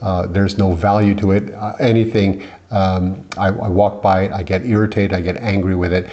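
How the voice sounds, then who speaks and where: A middle-aged man from the United States vents his frustration in a vlog, his voice low and heavy. He rambles, circles back and restarts his sentences. The recording sounds slightly dull and lo-fi. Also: little pitch movement, normal speed, dark tone, a little hiss or hum. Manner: irritated, rambling with many restarts. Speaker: vlogger. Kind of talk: angry complaint vlog.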